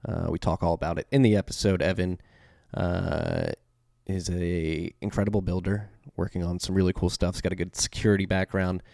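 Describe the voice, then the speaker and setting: A man's voice: deep voice, little pitch movement, brisk, creaky, darkish tone, no room sound, clean studio sound. A man with a Philadelphia accent hosting a podcast, reading the intro and the sponsor spots in a loose, off-the-cuff way with many fillers and self-corrections. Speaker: podcast host. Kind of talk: casual podcast intro and ad reads.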